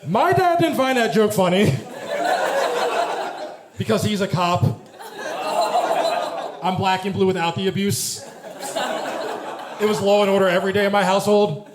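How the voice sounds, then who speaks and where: A man's voice: high voice, unhurried, long pauses, background noise. A young man in his twenties doing stand-up in a comedy club, with a dry, proper-sounding delivery. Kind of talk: stand-up set. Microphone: handheld stage mic. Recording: live club with roomy echo and crowd laughter. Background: audience laughing.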